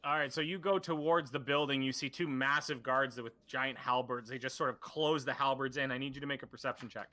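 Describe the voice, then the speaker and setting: A man's voice: mid-range voice, steady tone, a little fast, hardly any pauses, sharp tone. A man narrating as dungeon master for a tabletop game, casual and full of fillers.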